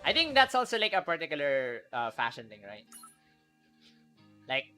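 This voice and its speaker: A man live-streaming a video game, chatting casually with viewers, excitable and quick to laugh. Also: on the high side, soft background music.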